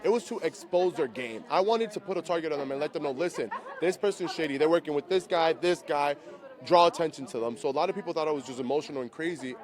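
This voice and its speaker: Excitable high-voiced young man from Miami. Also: fast. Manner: emotional, loud, laughs and nearly cries. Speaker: show winner being interviewed. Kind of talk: excited interview chat. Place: outdoor backyard set.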